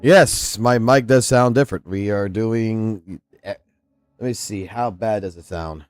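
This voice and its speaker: Low-ish dude streaming games, swears a ton, gets hyped, faint music under. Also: male voice, unhurried, clean tone, dry recording. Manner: casual, profane, excitable. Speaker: game streamer. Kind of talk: live stream chat. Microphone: studio mic through a mixing station.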